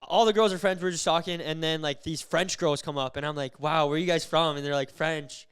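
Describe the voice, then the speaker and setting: A young man co-hosting a podcast, telling rambling stories in a loose, animated way with lots of fillers. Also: on the high side, a little fast, clean tone. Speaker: podcast co-host. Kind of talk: casual chat.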